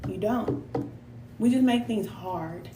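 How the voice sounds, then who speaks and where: A woman's voice: mid-range voice, takes it slowly. Chatty woman host in an echoey room. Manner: chatty, folksy, reads viewers' comments aloud and laughs often. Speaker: spiritual reader and host. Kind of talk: casual live-stream talk to viewers. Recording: echoey room with faint hum.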